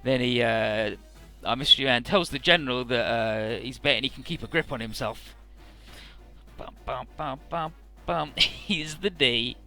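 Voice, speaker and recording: Rambling, bright-voiced game commentator man. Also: mid-range voice, moderate pace, soft background music. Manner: rambling, hesitant, swears casually. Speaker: let's play commentator.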